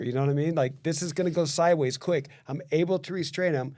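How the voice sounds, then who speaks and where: Animated storytelling man in casual chat. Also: on the high side. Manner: animated storyteller who acts out quoted dialogue; quick, repetitive restarts.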